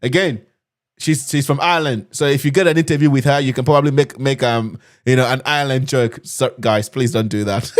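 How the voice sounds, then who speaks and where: A cybersecurity instructor runs a live learning session with screen sharing, speaking straight to his viewers in a chatty, upbeat way. His voice is medium-pitched and brisk.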